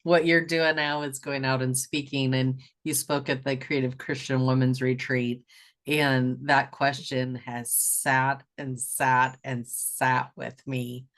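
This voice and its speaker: Earnest woman host with a very low voice. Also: little pitch movement, slow, a bit bright. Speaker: podcast host. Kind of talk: interview questions.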